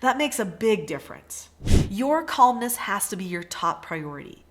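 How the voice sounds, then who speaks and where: A woman giving parenting advice in a measured way, slowing down to stress her key points. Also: medium pitch. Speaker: parenting teacher. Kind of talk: talking-head advice video.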